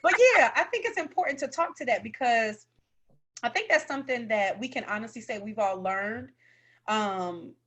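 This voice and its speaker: A woman's voice: on the high side, normal speed, a bit bright, muffled recording. A woman hosting a podcast who asks questions in a casual, encouraging way and often affirms her guests. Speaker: podcast host. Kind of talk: casual conversational interview.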